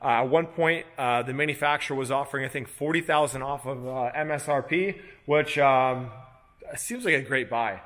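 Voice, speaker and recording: A man giving a casual walk-through of his car protection shop, relaxed and chatty with lots of "uh" fillers. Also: medium pitch, normal speed, in a large hall. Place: large car workshop.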